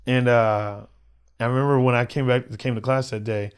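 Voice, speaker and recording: Halting, storytelling male comedian. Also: mid-range voice, fairly even intonation, clean tone. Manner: halting, repeats words, acts out quoted voices. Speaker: podcast guest, comedian. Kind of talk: casual storytelling.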